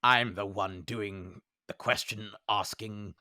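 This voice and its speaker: A man's voice: lowish voice, steady tone, slow pace, bright, forceful tone, voice pushed down, exaggerated voice. A man doing a blustering cat-skulled warband chief. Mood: bossy. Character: blustering male lion-cult leader in cat skull cap.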